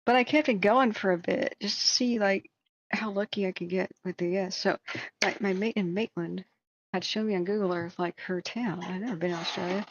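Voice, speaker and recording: A woman's voice: mid-range voice, brisk. Rambling woman streamer, muffled audio. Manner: rambling, self-deprecating, many fillers. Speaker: live stream host. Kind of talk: casual storytelling.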